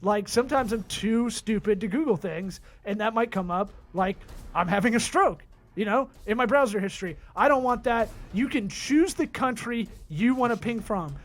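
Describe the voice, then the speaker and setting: High-pitched man hosting a podcast. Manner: jokey, rapid-fire sponsor plugs. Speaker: podcast host. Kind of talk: casual podcast chat with ad reads.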